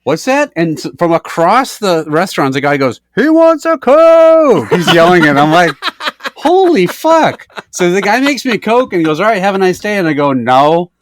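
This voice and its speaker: Animated man telling a story. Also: on the high side, brisk, hardly any pauses, no echo, clean studio sound. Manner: animated storyteller, acts out both sides of exchanges, swears freely. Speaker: podcast co-host. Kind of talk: casual chat.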